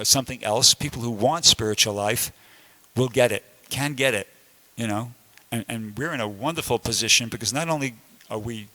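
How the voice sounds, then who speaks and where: A man's voice: medium pitch, pushed and bright. A man giving a conversational sermon-style class in a temple room, with frequent restarts and emphatic asides.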